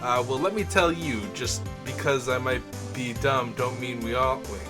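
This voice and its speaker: A man reading a brash young southern woman photographer in a video game, with a put-on exaggerated Southern drawl and a loud, folksy, pushy manner. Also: medium pitch, moderate pace, natural voice. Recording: game music underneath.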